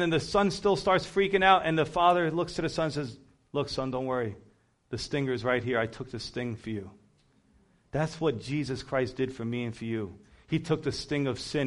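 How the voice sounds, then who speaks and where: Earnest man preaching an urgent sermon. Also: fairly high pitch.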